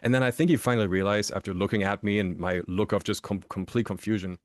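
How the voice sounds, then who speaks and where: A man's voice: fairly low pitch, fairly even intonation, fast talker, no room sound, studio quality. A man from Germany, a podcast guest and author, telling stories in a casual interview, often restarting phrases and checking in with "right?".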